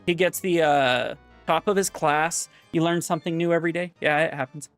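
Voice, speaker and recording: A man's voice: a little high, a little fast, smooth, faint music behind. Rambling man spinning a long joke. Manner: rambling, full of fillers and self-corrections. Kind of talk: telling a long joke on stream.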